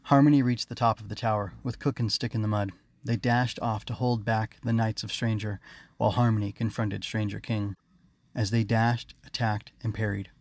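Gravelly male storyteller. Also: fairly low pitch, no room sound. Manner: steady, measured storytelling. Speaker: author reading his own story. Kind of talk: audiobook story narration.

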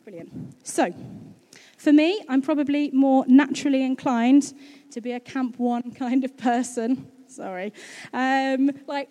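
A woman's voice: high-pitched, steady tone, unhurried, warm tone. A chatty, bubbly woman, giving a casual sermon to her congregation as pastor. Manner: bubbly and chatty, laughing easily.

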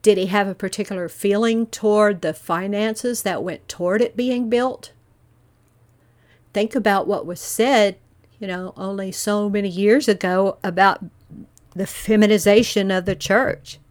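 A woman tells a true-crime story as a podcast host. She talks in an earnest, measured way and keeps turning to rhetorical questions. Her voice sits in a mid range. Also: mid-range voice, steady tone, a little mellow. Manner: volunteer investigator speaking earnestly.

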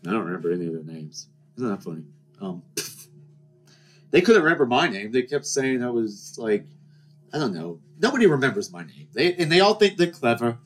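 In a medium-pitched voice with big pitch swings, a young podcast host tells rambling stories at a moderate pace. His casual monologue is full of jokes, restarts and mock-outraged rants, over a little hiss or hum.

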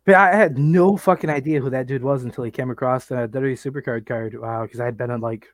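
A man in a podcast conversation, wry and hesitant and filling gaps with uhs. His pitch sits in the middle range, and the recording is dry and close. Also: fast, no echo. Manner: hesitant, filler-heavy, wry. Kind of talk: casual chat.

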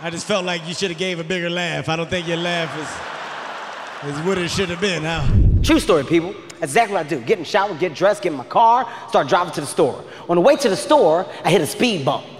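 A man doing stand-up comedy, telling stories in a loud, animated, profane way and acting out other characters. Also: a little high, brisk, long reverb tail, slight background noise. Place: stage before a live audience.

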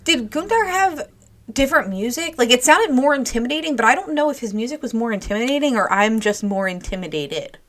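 A woman's voice: fairly high pitch, expressive, brisk, fairly bright tone. A woman co-hosting a podcast, chatty and rambling as she tells stories in casual talk. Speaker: podcast co-host. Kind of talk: casual wrestling chat.

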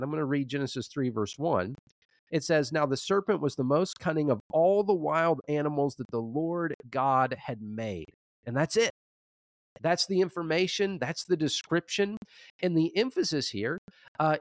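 Man, co-host, scholarly debate, measured, somewhat high voice, dry sound. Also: no echo. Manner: measured, restarts with frequent "uh". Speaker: co-host, Old Testament scholar. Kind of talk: presenting a debate position.

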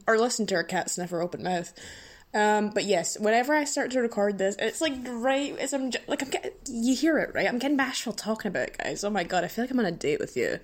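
A woman hosts her own podcast alone and chats in a loose, rambling way. She giggles, pokes fun at herself and sounds a little bashful. She is sick, so her nose is stuffed and her throat is rough. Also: medium pitch. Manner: giddy, rambling, self-mocking, giggly. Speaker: podcast host. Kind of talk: casual solo podcast chat.

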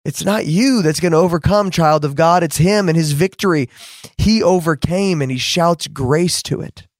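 A man's voice: a little high, moderate pace, no room sound, clean studio sound. A man preaching a fervent podcast sermon, repeating words for emphasis and rising to exclamations.

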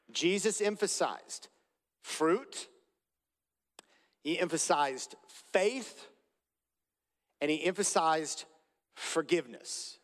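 A man, a pastor, giving a sermon, speaking deliberately and repeating key phrases for emphasis. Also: on the high side, in a large hall.

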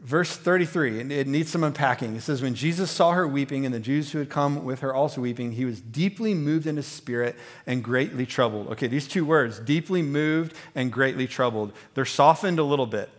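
A man preaching a sermon as pastor, talking conversationally with many fillers and restarts, growing animated as he goes. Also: medium pitch, a little fast, few pauses.

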